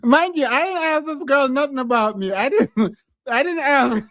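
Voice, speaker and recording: A man's voice: very high-pitched, normal speed, pushed and bright, dry recording, clean studio sound. A man hosting a live stream, telling a story in a casual chat and laughing often. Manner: laughs often, talks animatedly.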